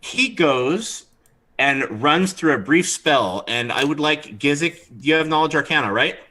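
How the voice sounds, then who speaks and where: A man narrating as dungeon master of a tabletop game, animated and throwing in character voices. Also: fairly high pitch, measured pace, rough recording.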